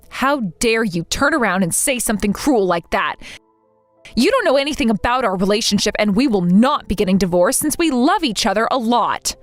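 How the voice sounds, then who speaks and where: An exasperated young bride, played by a woman speaks in a high, animated voice. She sounds demanding and indignant. The recording is dry and close-miked. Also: moderate pace, no room sound, faint music behind, lightly acted. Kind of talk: text-message story voice acting.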